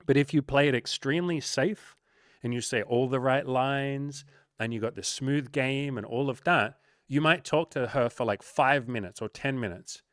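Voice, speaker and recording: A man's voice: medium pitch, moderate pace, fairly bright tone, dry recording, studio quality. A young man and dating coach speaking candidly in a casual monologue, often acting out quoted voices.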